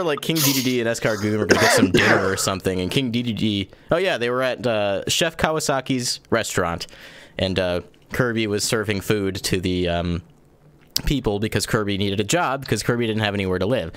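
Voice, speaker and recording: A young adult man hosting a casual podcast, telling stories in an animated, rambling way and laughing often. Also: fairly low pitch, brisk, dry recording. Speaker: podcast host.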